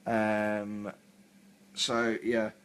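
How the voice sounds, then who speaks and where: A man's voice: lowish voice, completely flat delivery, very slow, clear, resonant tone. A man from England with a southern English accent, chatting casually on a hobby live stream while painting miniatures at home, rambling and full of fillers.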